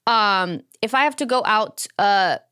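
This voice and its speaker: A woman's voice: medium pitch, pushed and bright, clean tone. A young adult woman co-hosting a podcast in casual chat, talkative and emphatic. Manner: talkative, emphatic, fast restarts. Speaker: podcast co-host.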